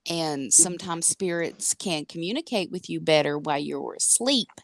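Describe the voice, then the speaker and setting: A woman in a casual paranormal chat, speaking slowly and thoughtfully with a little hesitation as she offers a theory. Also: sits low, animated, no room sound.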